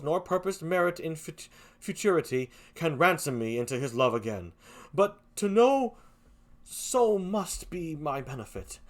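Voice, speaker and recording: Amateur reading: a man playing a disgraced young officer, rushed, earnest, pitch moving a lot. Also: a bit bright. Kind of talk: amateur Shakespeare play reading.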